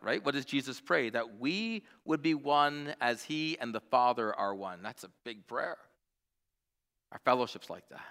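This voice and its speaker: Earnest pastor with a bright voice. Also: male voice, medium pitch, long reverb tail. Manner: earnest storytelling with frequent fillers and restarts. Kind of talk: sermon. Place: church.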